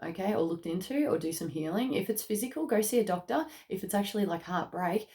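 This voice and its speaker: A woman giving a casual spoken tarot reading. She chats along, tagging lines with "okay?" and "mate", and bursts into excited rises. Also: medium pitch, quick pace. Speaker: tarot card reader.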